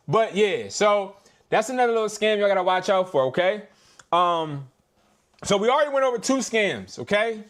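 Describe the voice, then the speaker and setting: A man's voice: high voice, animated, normal speed, fairly bright tone. A man hosting a live stream as a reseller, talking in a casual, slangy and exasperated way.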